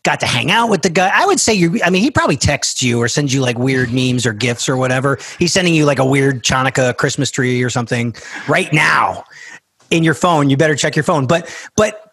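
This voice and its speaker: Animated husky man in his fifties. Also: mid-range voice, fairly quick, dry recording. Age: 50s. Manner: animated, exclamatory, joking. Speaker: podcast host. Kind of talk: casual interview chat. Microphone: video call.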